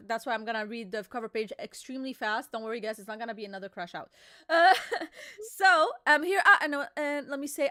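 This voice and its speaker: A woman's voice: high-pitched, bright, forceful tone. A woman co-hosting a live stream, chatting casually and bickering playfully with her co-host.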